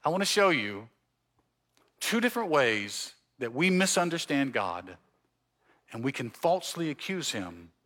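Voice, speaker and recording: A pastor from the Mississippi Gulf Coast preaching a sermon, telling stories and acting out the dialogue in them. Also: male voice, mid-range voice, big pitch swings, unhurried, a bit bright. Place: church sanctuary.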